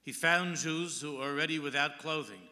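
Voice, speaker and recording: A man's voice: a little high, moderate pace, bright, forceful tone. A man giving a sermon as a rabbi, telling a story and quoting Hebrew texts with English translation. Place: large synagogue hall. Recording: long hall reverb.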